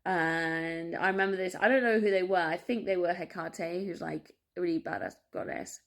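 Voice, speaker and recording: A woman vlogging a candid personal monologue, rambling, swearing freely and breaking off with laughs and quick apologies. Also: on the low side, steady tone. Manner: restless, self-interrupting, apologetic asides.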